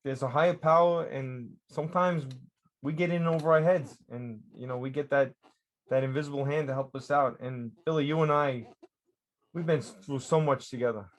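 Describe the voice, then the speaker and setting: A man hosts a conversation with an old colleague. He speaks in a mid-pitched voice, earnestly and reflectively, with pauses and restarts. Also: steady tone. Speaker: podcast host, battalion chief. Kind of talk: conversational interview.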